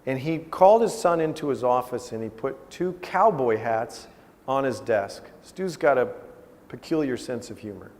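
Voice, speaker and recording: A family business consultant tells a case story in a conversational lecture style, regularly checking in with his audience through "okay?" and "right?". His mid-range voice is animated and darkish in tone, at normal speed, recorded in a reverberant hall.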